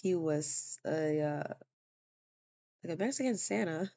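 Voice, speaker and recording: A woman tells a personal story in a loose, rambling way, stopping often on fillers and restarts. She is tired and yawning, and her voice is strongly gravelly with constant fry. The recording is dull and lo-fi. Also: sits low, animated, slow, long pauses, dark tone. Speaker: vlogger sharing a personal testimony.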